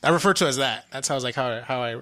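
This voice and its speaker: A man's voice: medium pitch, quick pace, bright, forceful tone. A man interviewing his older brother in a casual chat, curious and prompting, with frequent hesitant fillers.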